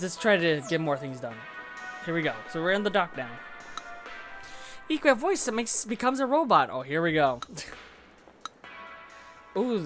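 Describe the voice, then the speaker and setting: Gaming host, casual play-by-play, giggly and excitable, faint music under the talk. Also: mid-range voice. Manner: excitable, giggly, self-interrupting. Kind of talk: casual gameplay commentary. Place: home room with a fan running.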